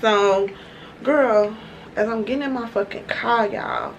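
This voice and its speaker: A woman vlogger tells a storytime while she does her makeup, full of slang and swearing. Her delivery is loose, animated and unfiltered. The recording is noisy, with a steady hiss behind her. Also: fairly high pitch, unhurried, long pauses. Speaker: beauty vlogger.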